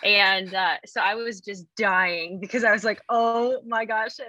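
A woman's voice: medium pitch, fairly even intonation, normal speed, bright, forceful tone, no echo, lo-fi sound. A woman hosting an interview, talking casually and enthusiastically praising her guest. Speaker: interview host, coach.

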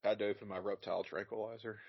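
A man's voice: lowish voice, flat delivery, fast talker, creaky, slightly rough. A man guesting on a podcast, rambling with dry jokes and lots of fillers. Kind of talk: casual live-watch chat. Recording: dull lo-fi sound.

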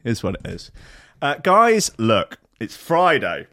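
A man's voice: mid-range voice, huge pitch swings, slow pace, a bit bright, no room sound, studio quality. A man hosting a casual streamed podcast, rambling and sweary, with a mocking manner. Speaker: podcast host. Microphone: headphones and desk mic.

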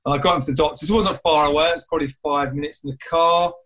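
A man with a slightly raised pitch tells a story conversationally. He stops and restarts his sentences often as he works through the memory. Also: fairly even intonation, fairly bright tone, rough recording. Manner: rambling, halting retelling with many restarts. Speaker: guest.

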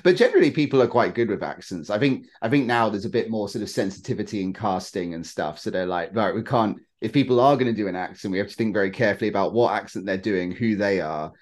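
A man's voice: fairly low pitch, lively intonation, fast, few pauses. A man co-hosting a podcast in casual chat, rambling a little and laughing often. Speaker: podcast co-host.

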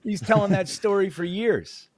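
A man's voice: high voice, moderate pace, a little mellow, no echo. A man co-hosting a sports podcast, teasing and wisecracking in casual chat. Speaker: podcast co-host.

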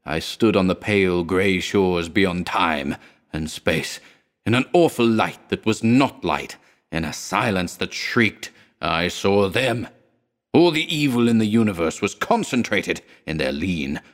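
A man's voice: deep voice, animated, a little slow. A man doing a shrieking, terror-struck haunted man. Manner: shrieking, then moaning and hoarse whispering. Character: terrified drug-haunted man, raving of hounds.

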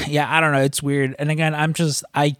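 A man's voice: on the high side, level tone, moderate pace, a bit bright, smooth, dry recording, studio quality. A man hosting a casual podcast chat, rambling with frequent restarts and casual swearing. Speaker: podcast co-host.

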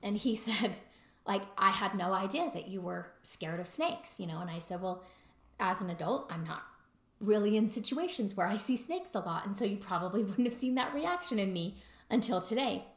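A woman's voice: medium pitch, expressive, normal speed. Chatty woman in an echoey room. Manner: conversational, many fillers, mimics her husband in quotes. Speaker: speaker on trauma and choice. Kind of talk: reflective talk with a personal story.

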